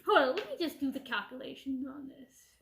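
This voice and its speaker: A young woman rants through a casual storytime, replaying a conversation line by line. Her voice sits high and bright in pitch, and the room rings around her with a noticeable echo. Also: a little fast, creaky, slight background noise. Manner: animated retelling with quoted back-and-forth. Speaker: vlogger. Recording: echoey room.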